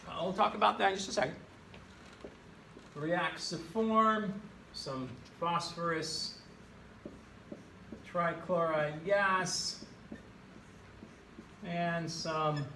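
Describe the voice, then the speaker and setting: A male chemistry teacher recording a lesson at a whiteboard in his classroom, playful and jokey, often jumping into high exclamations. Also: fairly bright tone, slight background noise. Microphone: camera in the room.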